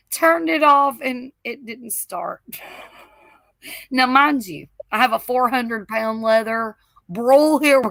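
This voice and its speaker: A woman spins a wild story in loose chat, laughing often and swearing freely. Her voice is high and very bright, and the sound is close and dry with no room around it. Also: gravelly, no echo. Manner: animated, laughing, swearing, many "like" fillers. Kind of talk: casual storytelling.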